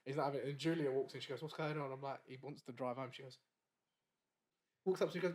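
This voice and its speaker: A man's voice: mid-range voice, fairly even intonation, fast talker. A man, a wrestler guest on a podcast, telling a story in casual chat. He laughs often and acts out the quoted dialogue.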